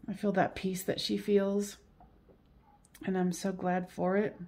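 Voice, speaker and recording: A woman talking as a psychic medium through a solo reading, halting and repeating phrases, soothing and coaxing as she goes. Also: mid-range voice, level tone, warm tone.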